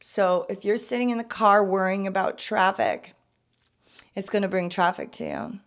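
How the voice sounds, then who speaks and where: On her podcast, a young woman shares a casual, confessional testimony about her own past at normal speed and medium pitch. She speaks candidly and earnestly, sometimes turning soft and emotional, almost to the point of tears, and sometimes becoming emphatic.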